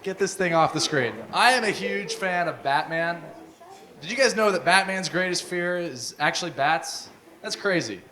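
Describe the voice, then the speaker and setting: A young man doing a deadpan stand-up set of dark one-liners. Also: high-pitched, moderate pace. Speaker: stand-up comedian. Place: comedy showcase stage. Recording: live with loud audience. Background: audience laughter.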